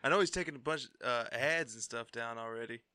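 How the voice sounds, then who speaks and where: A man co-hosting a podcast in casual chat, playful and quick to chime in. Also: mid-range voice, clear, resonant tone, no echo, studio quality. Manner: playful, chiming in, lively. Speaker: podcast co-host.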